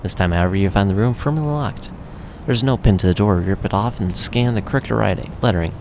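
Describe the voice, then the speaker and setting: Low-voiced man reading game text. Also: brisk, noisy background. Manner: relaxed, conversational reading. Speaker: gamer reading a visual novel aloud.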